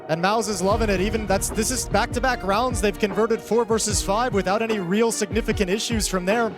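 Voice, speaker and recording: A man with a high, light voice breaks down the play as live esports color commentary. He thinks aloud, chatty and analytical, often restarting his sentences. Music plays clearly beneath him. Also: steady tone, brisk. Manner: conversational, analytical, with frequent restarts.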